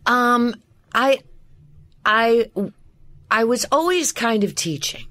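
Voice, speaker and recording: Animated woman voice coach. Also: slow, no echo. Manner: animated, demonstrates voices by dropping her pitch. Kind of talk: casual interview chat.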